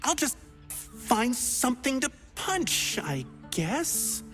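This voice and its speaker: A woman's voice: high voice, big pitch swings, takes it slowly, faint music behind, exaggerated voice. A woman voicing a bubbly, silly young adventurer in a video game who keeps trying out new classes and talks in a playful, theatrical, teasing way.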